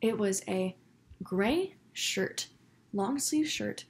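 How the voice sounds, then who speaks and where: A woman's voice: medium pitch, lively intonation, slight background noise. A teenage girl vlogger telling a story to camera in a chatty, casual way. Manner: chatty, quick, quotes people with put-on voices.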